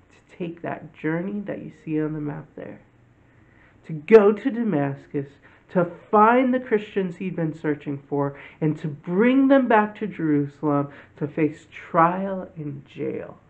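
A man hosting a children's church lesson, telling a Bible story slowly and gently to kids. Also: fairly high pitch, creaky. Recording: tinny phone-like audio.

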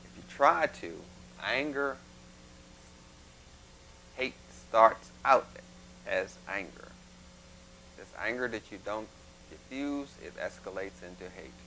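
A man giving a plain, instructive lecture, with folksy images and a halting delivery. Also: fairly low pitch, animated, bright, forceful tone, low-quality recording. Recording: faint mains hum.

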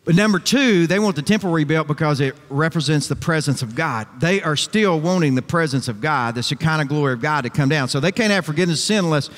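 A man's voice: a little high, lively intonation, fast talker, few pauses, fairly bright tone, big-room sound. A male pastor preaching an emphatic sermon full of rhetorical questions and folksy asides. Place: church sanctuary.

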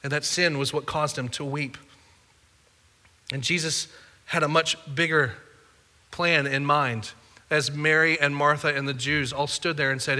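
A man's voice: a little high, fairly even intonation, measured pace, pauses often, sharp tone, long reverb tail. A man preaching a sermon as a pastor, conversational and playful with the congregation. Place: church auditorium.

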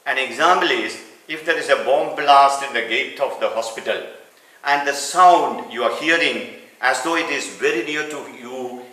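A man's voice: medium pitch, bright, forceful tone. Man lecturing in an echoey room. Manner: explains step by step, repeats key terms. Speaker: medical teacher. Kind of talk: clinical lecture. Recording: echoey room, mic at a distance.

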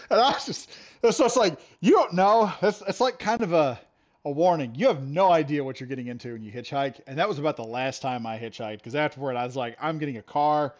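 A man streaming a game while telling a long, animated story with lots of laughs and restarts. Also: fairly high pitch, dull audio. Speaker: gaming streamer. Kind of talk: casual storytelling on a live stream.

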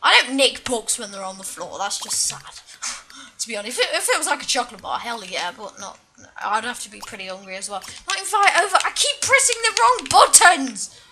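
A woman's voice: medium pitch, animated, brisk, sharp tone. A woman giving casual, chatty let's-play commentary, mocking herself and exclaiming at the game. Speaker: gaming channel host.

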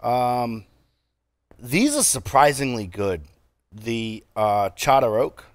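A man with a New England accent co-hosting a casual chat, relaxed and halting with lots of fillers. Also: mid-range voice, no echo, clean studio sound. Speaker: podcast co-host.

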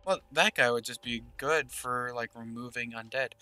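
A man's voice: medium pitch, normal speed, pushed and bright, faint music behind. A man giving casual gameplay commentary, thinking aloud and murmuring game text as he plays. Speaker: gaming channel host.

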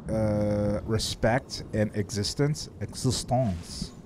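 Slow, low-voiced swearing gamer man. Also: animated, background noise. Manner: swears freely, laughs often, rambles with restarts. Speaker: streamer. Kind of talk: casual live-stream chat while gaming.

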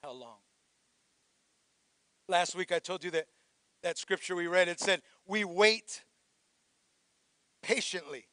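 A male pastor preaching a sermon, rising into shouted calls for praise and dropping quiet for reflective passages. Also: high-pitched, fairly even intonation, measured pace, long pauses, dry recording.

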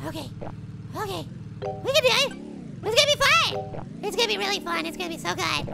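A man voicing a tiny, excitable male cartoon apple who plays a mobile game, with frustrated outbursts and silly alliterative exclamations. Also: very high voice, brisk, vocal fry, exaggerated voice. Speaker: let's play gamer. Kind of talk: cartoon character game commentary. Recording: loud music under the voice.

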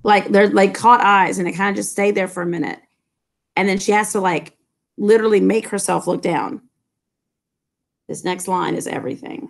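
Gravelly-voiced woman teacher, chatty. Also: medium pitch, steady tone, normal speed, pauses often. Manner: chatty, with many fillers. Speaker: English teacher. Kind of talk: casual explanation of a novel.

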